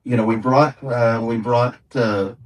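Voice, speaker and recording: A man's voice: mid-range voice, steady tone, measured pace, far from the mic, rough recording. A man, a former record company executive, telling anecdotes in an interview, rambling with many fillers and restarts.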